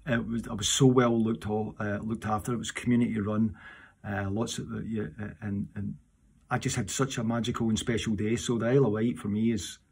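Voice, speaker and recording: A Scottish man with a low, gravelly and husky voice chats casually through audience questions. He rambles and restarts his sentences, and he is animated in his seat. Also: fairly quick. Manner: rambling, restarts often, warm; animated while seated. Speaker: singer answering audience questions. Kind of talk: casual chat.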